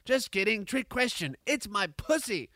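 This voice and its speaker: A man's voice: sits high, very animated, sharp tone, no room sound, studio quality, pitched above the performer's own voice, heavily acted. A man putting on a posh stoned homeless woman. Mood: haughty. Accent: put-on English. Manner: haughty, crude, slow and drawn out. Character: stubborn high homeless woman, posh English.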